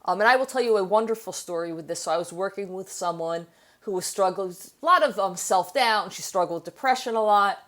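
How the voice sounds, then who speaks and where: A woman's voice: mid-range voice, fast, a bit bright. A woman author and therapist explaining ideas in an interview, telling stories from her practice with frequent restarts. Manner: explanatory, storytelling, with many restarts. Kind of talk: interview conversation.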